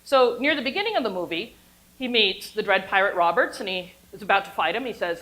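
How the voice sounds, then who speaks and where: A woman lecturing on storytelling in a playful, animated way, laughing and cheering along with her own examples. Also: mid-range voice, fairly quick, poor audio. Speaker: university teacher giving a workshop class.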